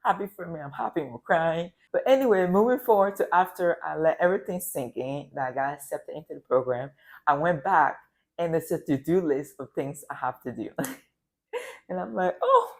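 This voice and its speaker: A woman's voice: sits low, a little fast. A woman from Africa telling a personal story in a casual vlog, emotional and rambling, with talk of faith. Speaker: vlogger.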